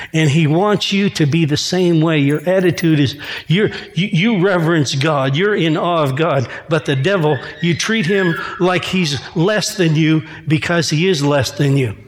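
A man with a high voice preaches in a church, moving between quoted scripture and relaxed, joking asides. His words ring out with a long echo from the hall around him. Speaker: pastor. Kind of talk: sermon.

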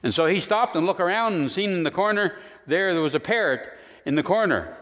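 High-voiced man preaching in a reverberant hall. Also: animated, brisk, a bit bright. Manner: folksy storytelling with jokes. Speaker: pastor. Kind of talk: sermon.

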